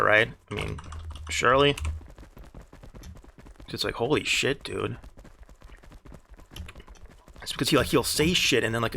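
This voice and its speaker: American man, live game streamer, gravelly voice, bright tone, rambling casual rant, exasperated. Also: fairly low pitch, a little hiss or hum. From United States. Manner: rambling, frequent restarts and "right?" asides, exasperated.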